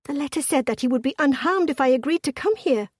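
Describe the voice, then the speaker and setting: A woman's voice: sits high, a little fast, darkish tone, husky, dry recording, clean studio sound, recorded from a distance, voice pushed up. A woman voicing an earnest young noblewoman who speaks urgently and pleadingly in a romance audiobook. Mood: panicked.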